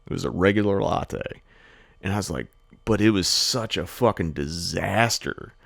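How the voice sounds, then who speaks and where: Gravelly and low-pitched, this podcast co-host speaks at a moderate pace as he rambles through a story in relaxed conversation. He curses often and gets lively when impersonating people. There's no room sound.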